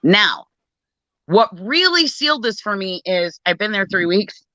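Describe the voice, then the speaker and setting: A woman telling a story in casual chat, animated, swearing, acting out the dialogue. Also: medium pitch, measured pace, no echo. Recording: dull lo-fi phone recording.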